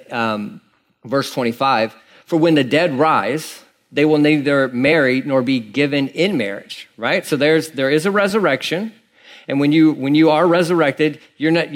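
Pastor, male, mid-pitched, preaches a casual, rambling sermon full of asides and fillers.

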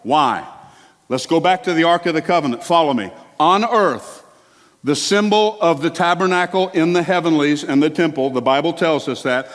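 A male pastor delivering a sermon in a church, animated and exclamatory, with chatty asides to the congregation. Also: on the high side, brisk. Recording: long hall reverb.

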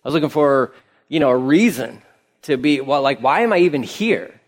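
A man preaching a conversational sermon, telling the story casually and acting out quotes in an animated way. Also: medium pitch, moderate pace. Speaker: pastor.

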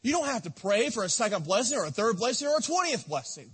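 A man preaching a sermon in a church, impassioned, swinging from loud to soft. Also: high voice, very animated, fast, breathy edge. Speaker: pastor. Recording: long reverb of a church hall.

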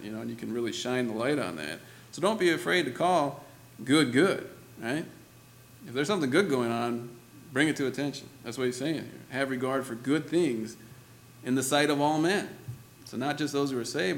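A man of middle pitch preaching in a church, his voice slightly gravelly. He keeps the sermon loose and conversational, laughing often and checking in with "you know" and "right?". A faint hum of the room sits behind him. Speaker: pastor.

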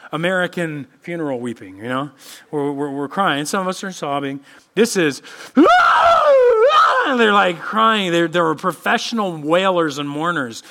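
Bright, lively-voiced male preacher. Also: a little high. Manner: expressive preaching, acting out quoted voices. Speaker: pastor. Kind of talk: sermon. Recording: church podcast sermon.

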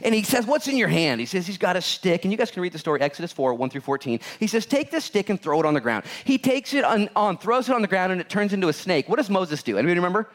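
A pastor delivers a sermon in a high-pitched voice, speaking fast with hardly any pauses. He tells animated stories, acting out the characters' voices, and cracks jokes he laughs at himself.

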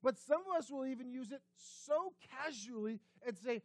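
A man preaching a sermon as pastor, conversational, asking the congregation questions and dropping his voice low and quiet for emphasis. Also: moderate pace, few pauses, no room sound. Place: church sanctuary.

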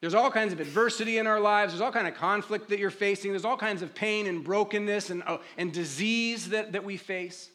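Bright, high-voiced man preaching. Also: a little fast, few pauses. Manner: conversational preaching, acts out pleading prayers, drops to quiet reflective tone. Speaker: pastor. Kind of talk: sermon.

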